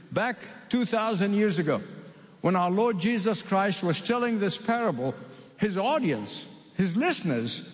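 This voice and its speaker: A man from the Middle East preaching a sermon, emphatic and repeating key phrases with slow dramatic pauses. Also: high-pitched. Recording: long reverb of a large hall.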